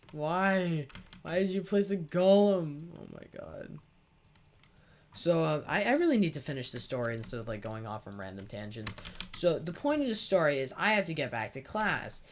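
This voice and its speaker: A teenage boy runs a gaming channel, telling a rambling, sarcastic story full of swearing as he plays. His male voice is a little high, and there is a little hiss or hum.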